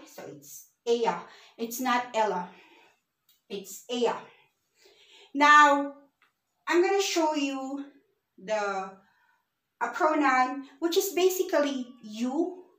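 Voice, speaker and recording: A woman teaching a beginners' language lesson on her own channel, explaining slowly with many fillers. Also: sits high, a bit bright. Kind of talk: casual online lesson. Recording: echoey room.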